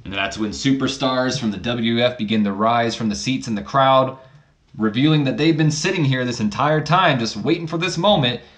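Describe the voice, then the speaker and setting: A man's voice: medium pitch, moderate pace, a bit bright. A man casually narrating a wrestling sim playthrough in a rambling, self-deprecating way. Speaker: channel host.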